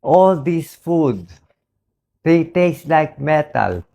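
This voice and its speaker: A hoarse man with a Filipino accent, a doctor speaking earnestly in an emotional personal monologue, switching between English and Tagalog. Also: fairly high pitch, sing-song, extremely slow, dark tone.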